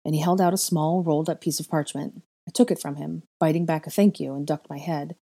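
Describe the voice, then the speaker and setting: Low, mellow woman narrator. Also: steady tone, fairly quick, slightly rough. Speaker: audiobook reader. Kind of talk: first-person fan fiction narration.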